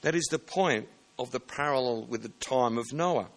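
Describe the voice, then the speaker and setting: Man preaching a relaxed sermon. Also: medium pitch, normal speed. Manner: plain conversational preaching with self-corrections. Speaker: pastor.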